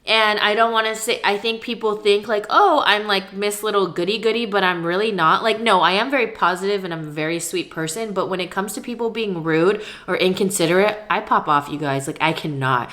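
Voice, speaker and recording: A woman's voice: medium pitch, a little fast, hardly any pauses, a bit bright. A young woman, talking candidly to the camera at home in a casual vlog while she eats. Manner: chatty, candid, talks between bites of food. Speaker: vlogger. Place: at home, indoors.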